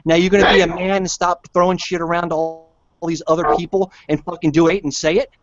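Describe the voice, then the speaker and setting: A man's voice: fairly high pitch, flat delivery, fast talker, no room sound. Cursing, taunting man on a dull line. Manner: cursing, taunting, shouting threats. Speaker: podcast guest. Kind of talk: heated podcast argument. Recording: dull lo-fi sound.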